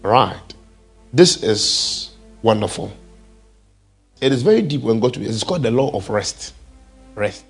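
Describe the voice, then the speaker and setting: A man's voice: mid-range voice, measured pace, long pauses, husky, soft background music. A man preaching a sermon and calling out to the congregation. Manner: animated, calls out to the congregation.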